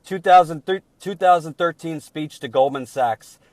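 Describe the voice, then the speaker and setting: A man's voice: on the high side, no echo. Indignant male political commentator, dry sound. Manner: indignant, emphatic, with frequent repeated restarts; deliberate and slowed when troubled. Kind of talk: reading and commenting on leaked emails.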